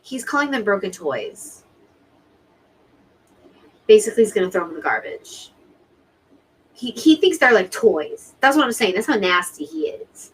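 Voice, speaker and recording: A woman's voice: mid-range voice, animated, moderate pace, husky, rough recording. A woman hosting a live stream watch party, chatting to her viewers in an emotional, talkative way. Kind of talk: casual live commentary to viewers.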